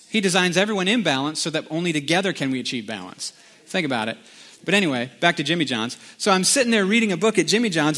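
A man's voice: fairly high pitch, sharp tone. A middle-aged man, preaching a conversational sermon and slipping into sung lines. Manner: conversational storytelling with sung snippets. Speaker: pastor.

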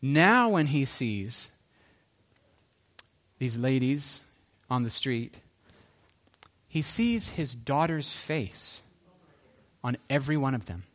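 A male preacher telling a story in a sermon, animated, often dropping to a hushed, earnest tone. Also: mid-range voice, slow, pauses often.

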